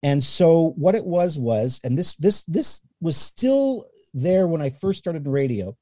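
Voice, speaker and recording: A middle-aged man from Canada telling animated stories as a guest in a casual interview, sometimes acting out the voices he quotes. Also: fairly high pitch, measured pace, no room sound. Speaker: guest, newspaper columnist and radio voice.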